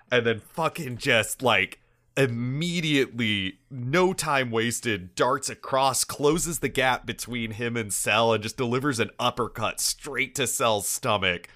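A man's voice: mid-range voice, bright, forceful tone. A man co-hosting a podcast, chatting casually about an anime episode, laughing often and swearing freely as he rambles. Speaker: podcast co-host.

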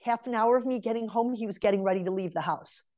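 A woman in her forties appears as an interview guest and relationship mentor, sharing a personal story in a casual, conversational way and offering earnest advice directly to women listeners. Her voice is fairly high and darkish in tone, and she talks fast.

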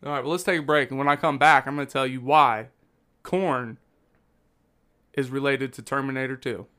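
A man's voice: medium pitch, fairly even intonation, moderate pace, a bit bright, clear, resonant tone. A man hosting a podcast in casual chat, joking in a laid-back way. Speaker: podcast host.

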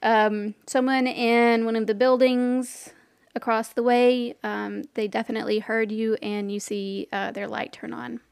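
A woman's voice: fairly high pitch, level tone, measured pace, creaky, darkish tone, clean tone, no echo, studio quality. A woman running a tabletop game as game master, narrating loosely with many fillers and frequent laughs.

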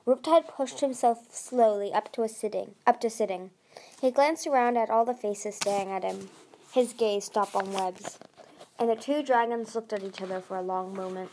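A woman's voice: mid-range voice, normal speed. Woman reading a fantasy novel aloud. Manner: steady, with small slips and restarts. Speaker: reader.

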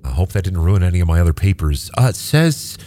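Male game master with a low voice that swings widely in pitch, halting delivery full of fillers. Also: a little hiss or hum. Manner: lively, halting with many fillers. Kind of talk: narrating a tabletop game.

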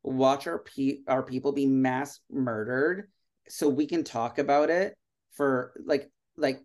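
A man's voice: medium pitch, darkish tone. A man, an actor guesting on a podcast, talking in a sardonic, rambling way with many fillers and swears. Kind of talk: casual podcast chat.

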